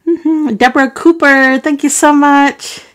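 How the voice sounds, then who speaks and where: Woman vlogger doing shout-outs, calls everyone baby boo, trips on names. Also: high voice, fairly even intonation, measured pace. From Arab. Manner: stumbles over names. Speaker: mukbang vlogger. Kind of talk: casual shout-outs to viewers.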